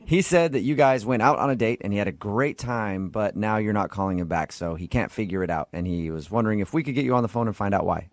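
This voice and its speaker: A man's voice: lowish voice, fast, few pauses. A man hosting a radio show segment, playful and teasing with a caller. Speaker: radio host. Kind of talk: morning radio banter.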